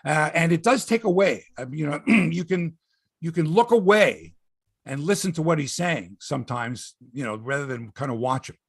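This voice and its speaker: A man's voice: a little high, animated, moderate pace, gravelly, slightly rough, no echo, studio quality. A man hosting a sports podcast, telling rambling, profane stories in casual chat.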